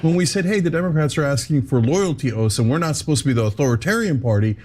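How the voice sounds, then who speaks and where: A man hosting a political talk show, mocking opponents with sarcastic, lively delivery. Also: a little high, fast talker. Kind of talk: political commentary.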